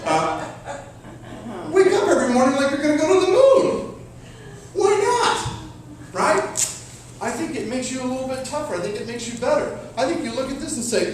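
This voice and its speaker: Man, high register, comic motivational speaker; far off in a very echoey hall, audience audible. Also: moderate pace, long pauses, a crowd in the background. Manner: animated, joking, acts out clients and himself in playful voices. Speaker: motivational speaker at a real estate meeting. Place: meeting room with an audience.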